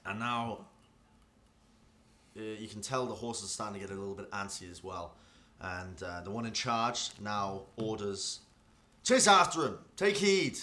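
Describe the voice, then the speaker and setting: Low-voiced game master, bright tone. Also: male voice, steady tone, moderate pace. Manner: descriptive, hesitant fillers while narrating. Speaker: dungeon master. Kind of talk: narrating a tabletop game.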